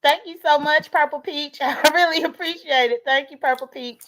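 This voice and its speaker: A woman streamer with a very high-pitched voice talks casually to her chat. She thanks viewers by name and adds quick commentary. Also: a bit bright. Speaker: livestreamer.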